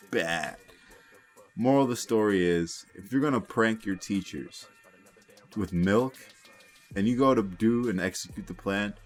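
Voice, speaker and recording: A young man telling a storytime tale in a casual, rambling way, swearing and laughing as he goes. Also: sits low. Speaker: storytime vlogger.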